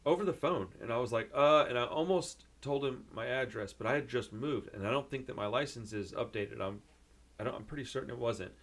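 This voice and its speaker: A young man telling a rambling, excitable story in a casual vlog, full of fillers and restarts. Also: medium pitch, brisk. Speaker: vlogger.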